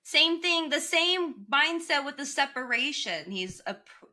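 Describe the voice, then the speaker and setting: Woman, podcast co-host, bright higher voice, animated, swears casually. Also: a little slow. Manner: animated, quotes people in put-on voices, swears freely. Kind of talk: casual chat recapping a reality show.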